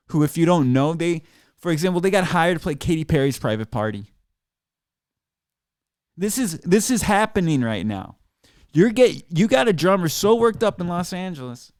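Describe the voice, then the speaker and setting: A man's voice: fairly high pitch, darkish tone, dry recording. A man, a drummer, ranting to his viewers in a profane, sarcastic streamed monologue from a small studio room. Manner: heated, mocking, swears a lot. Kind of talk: profane sarcastic rant to camera. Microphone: computer mic while seated.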